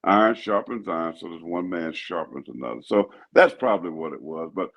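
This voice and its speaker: An older man, a pastor and co-host, talking sports in an animated, preachy way that repeats itself. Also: low voice, a little fast, gravelly. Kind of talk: casual sports talk.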